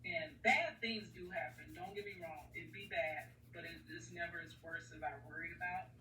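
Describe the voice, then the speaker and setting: A woman's voice: fairly low pitch, normal speed, sharp tone, slight background noise. Earnest woman rambling, roomy and distant. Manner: earnest, rambling, repeats herself. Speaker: vlogger. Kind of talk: personal storytelling vlog. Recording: echoey room, far from the mic.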